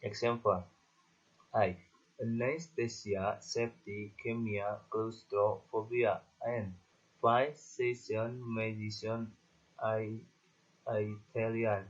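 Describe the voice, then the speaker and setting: Low husky man with an Indonesian accent. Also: takes it slowly. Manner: reads lists of example words in a flat monotone. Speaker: student presenter. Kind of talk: reading word lists from a class presentation. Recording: dull lo-fi recording.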